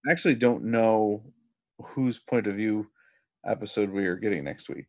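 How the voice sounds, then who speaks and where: A man's voice: on the low side, normal speed, no room sound. A man co-hosting a casual chat about a TV episode, often stumbling over his words before he makes his point. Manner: hesitant, restarts, then animated disbelief. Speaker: podcast co-host.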